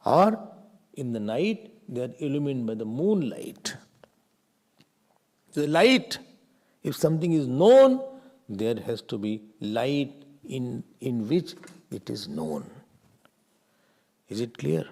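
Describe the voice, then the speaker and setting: Man, swami teaching a class; lively, swooping pitch; quizzes the room and answers himself. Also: slow pace, pauses often. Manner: questions the class and answers himself, sudden loud stresses. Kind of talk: scripture class.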